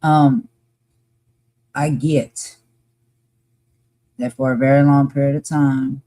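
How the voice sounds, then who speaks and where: A woman's voice: rumbling low, little pitch movement, takes it slowly, dark tone. A woman co-hosting a live podcast discussion, talking passionately and emphatically and repeating her points for force.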